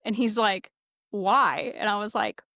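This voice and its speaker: A woman's voice: medium pitch, moderate pace, dry recording. Woman host spinning a story, swears a lot, laughs through it, dry close sound. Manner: profane, lively, laughs while telling stories. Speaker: podcast host; former military security forces sergeant. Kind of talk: casual storytelling.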